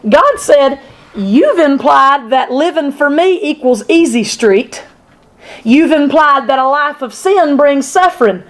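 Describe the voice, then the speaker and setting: Woman, high voice, Sunday school teacher, animated conversational Bible lesson, class responding in the room. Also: measured pace. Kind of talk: women's Bible study lesson. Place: church classroom with a group.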